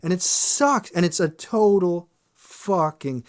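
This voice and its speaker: A man hosting a podcast, a singer talking in a casual, animated monologue, swearing freely and acting out quoted voices. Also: sits high, takes it slowly, background noise. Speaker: podcast host.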